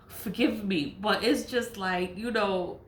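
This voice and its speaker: A woman rambles through a casual monologue, circling back on the same phrases and bursting into giggles. Her voice sits at a middle pitch. The room is echoey, with a faint hiss of noise behind her. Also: slow. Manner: rambling, repetitive, bursts of giggling laughter, swears. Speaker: self-styled witch vlogger.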